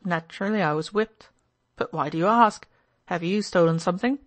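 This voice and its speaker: A woman's voice: lowish voice, normal speed, natural voice. A woman reading the part of a sober young man who speaks bluntly and irritably. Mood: plain.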